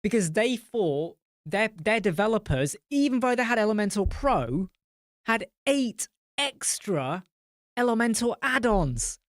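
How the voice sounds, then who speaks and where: A man's voice: high-pitched, sing-song, measured pace, no room sound, studio quality. Blunt, profane man hosting a live chat. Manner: ranting anecdotes, answers chat comments. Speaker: host. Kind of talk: casual live-stream chat.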